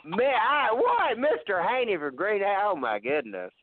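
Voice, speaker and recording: Playful high-voiced man on a phone line. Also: sing-song, measured pace. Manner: playful, laughing. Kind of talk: casual banter. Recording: tinny dry phone line.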